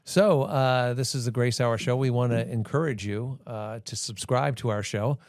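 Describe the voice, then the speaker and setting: A gravelly-voiced man hosts a podcast in a loose, conversational way, leaning on "you know" and "like." His voice sits at a middling pitch with a dry, close sound. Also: normal speed, darkish tone, dry recording. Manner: fills speech with "you know" and "like". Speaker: podcast host. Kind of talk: casual podcast discussion.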